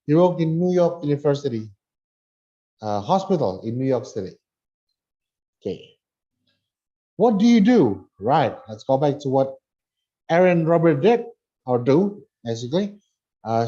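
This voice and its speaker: A man teaching an online English lesson, slowly reading a dialogue aloud and explaining pronunciation with chatty asides. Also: mid-range voice, dark tone, highs cut off.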